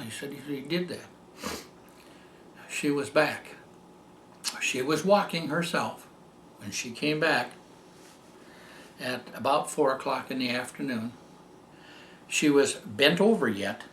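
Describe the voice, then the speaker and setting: An older man telling a personal story as a testimonial, rambling and halting, with many fillers and restarts. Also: mid-range voice, fairly bright tone, echoey room, a little hiss or hum. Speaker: patient giving a testimonial. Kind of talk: storytelling tribute.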